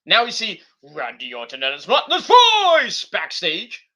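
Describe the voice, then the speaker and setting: A man's voice: high-pitched, huge pitch swings, measured pace, bright, forceful tone. A man streaming a casual, rambling recap of a wrestling show, full of ums and restarts. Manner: rambling, lots of fillers and restarts.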